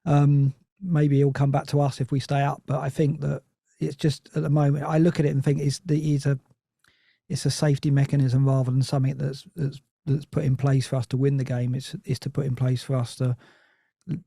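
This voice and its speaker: A man's voice: medium pitch, level tone, fairly quick, gravelly, dark tone, dry recording, clean studio sound. A man chatting on a football podcast, rambling and restarting his sentences often. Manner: rambling, self-interrupting, many restarts. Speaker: Nottingham Forest fan guest. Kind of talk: casual podcast chat.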